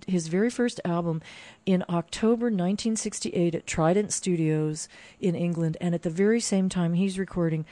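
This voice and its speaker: A woman's voice: lowish voice, dark tone, no room sound. Chatty, enthusiastic female music host. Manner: chatty and enthusiastic, loose with fillers. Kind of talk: casual radio storytelling.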